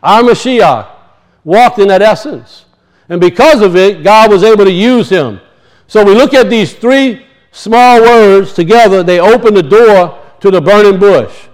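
Preaching with emphasis, this man eases his pace when explaining what words mean. For gravity, he sinks into a quiet, low register.

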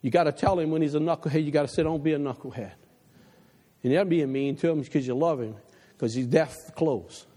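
A man preaching a passionate sermon to his church, dropping low and quiet for the advice he quotes, then climbing again. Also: fast, few pauses, big-room sound. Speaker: pastor. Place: church sanctuary.

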